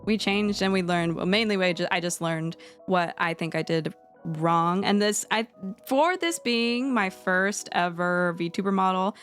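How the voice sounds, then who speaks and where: A woman's voice: on the low side, unhurried, a bit bright, faint music behind. A woman streamer talking casually and playfully as she critiques her own art, poking fun at herself. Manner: chatty, playful, self-deprecating. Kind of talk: casual live-stream commentary.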